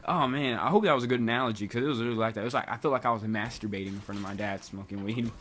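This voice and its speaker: Fast-talking young man telling a story. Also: lowish voice, a little hiss or hum. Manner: rapid, animated, heavy swearing. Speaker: vlogger. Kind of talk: casual storytelling vlog.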